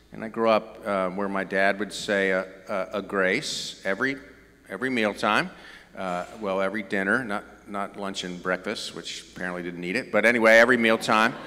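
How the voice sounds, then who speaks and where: A man's voice: on the low side, pushed and bright, long reverb tail. A middle-aged man with a Southern US accent, preaching a conversational sermon with joking asides. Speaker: pastor.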